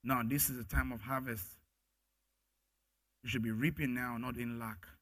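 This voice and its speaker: A man voicing God, fatherly, hushed, low, gentle, bright tone. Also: fairly even intonation, normal speed, no room sound, close to an everyday voice. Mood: tender.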